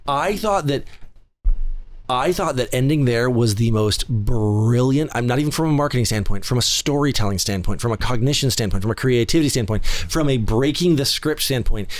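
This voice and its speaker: A man co-hosting a casual podcast chat, telling stories in an excitable, animated way and acting out quotes. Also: mid-range voice, moderate pace. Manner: excitable, animated storyteller with big acted-out quotes. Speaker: podcast co-host.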